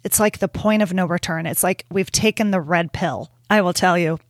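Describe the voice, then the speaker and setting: A woman's voice: on the low side, normal speed, no echo. A woman in her forties hosting her own podcast, talking candidly and from the heart in a reflective monologue, laughing often and swearing casually. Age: 40s. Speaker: podcast host.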